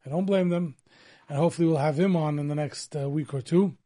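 A man's voice: fairly high pitch, fast talker, dark tone. A male radio host chatting casually and enthusiastically, rambling with lots of fillers and restarts.

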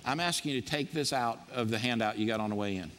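A man's voice: medium pitch, fast, fairly bright tone, in a large hall, a little hiss or hum. A man preaching to his congregation in an emphatic, punchy style, with lots of repetition. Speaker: pastor. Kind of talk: sermon. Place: church sanctuary.

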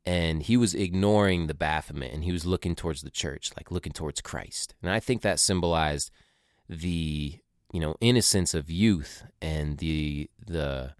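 Deep-voiced man in a profane rambling monologue. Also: normal speed, no room sound, clean studio sound. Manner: rambling, profane, conspiratorial asides. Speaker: podcaster recounting a tour. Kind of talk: casual monologue.

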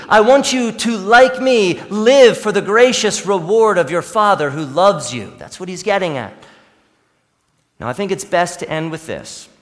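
A male pastor preaching a sermon, swinging between hushed lines and emphatic ones. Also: sits high, big-room sound. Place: church sanctuary.

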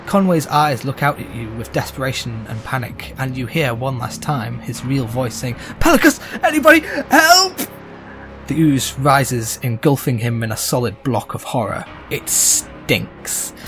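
A man running a tabletop game as game master, narrating scenes at a measured pace with frequent fillers. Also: medium pitch, music in the background.

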